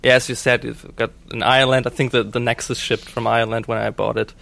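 German-accented man, gravelly casual talk. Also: mid-range voice, level tone, fairly bright tone. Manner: laughs often, halting restarts. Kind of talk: casual chat.

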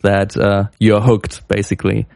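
A man's voice: fairly low pitch, completely flat delivery, measured pace, creaky, darkish tone, dry recording, studio quality. A man co-hosting a casual tech podcast, thoughtful and a bit hesitant. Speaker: podcast co-host.

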